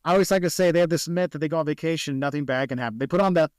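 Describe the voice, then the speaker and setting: A man's voice: on the high side, racing, smooth, dry recording. A man, a travel video creator guest in a casual podcast interview, telling stories and acting out the people he quotes.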